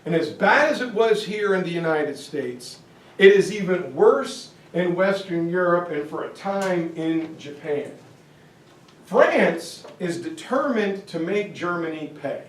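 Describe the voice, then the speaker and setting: A man teaching a history class in a lively way, acting out quotes as he explains. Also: high-pitched, measured pace. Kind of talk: classroom lecture. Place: lecture room. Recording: echoey room, voice from far off.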